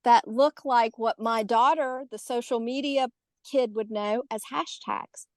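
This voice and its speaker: Her voice a bit high and her delivery a little slow, a middle-aged woman with a Southern accent shares a personal tale on a podcast, where she's a guest who runs haunted tours. The recording is dry, and she animatedly performs the voices of people she quotes in the casual chat.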